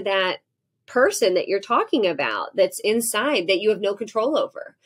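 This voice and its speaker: A woman's voice: medium pitch, moderate pace, husky. A woman in her forties, a professor guest on a podcast, talking candidly and acting out heated exchanges as she tells stories. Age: 40s. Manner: animated storytelling, acts out heated exchanges with laughter.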